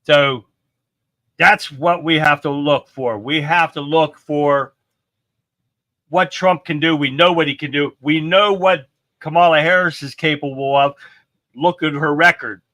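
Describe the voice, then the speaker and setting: A man's voice: a little high, steady tone, unhurried, pushed and bright, no echo. A middle-aged man hosting a live stream, giving blunt, profane political commentary and reading viewer comments aloud.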